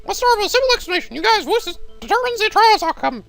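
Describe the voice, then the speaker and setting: A mischievous male robot bear headmaster, chirps in a very high, piercing voice. He teases in a cheery sing-song, bright and sharp in tone, with faint game music underneath. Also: big pitch swings, fast, creaky, exaggerated voice. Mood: teasing, gleeful. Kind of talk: video game voice-over reading.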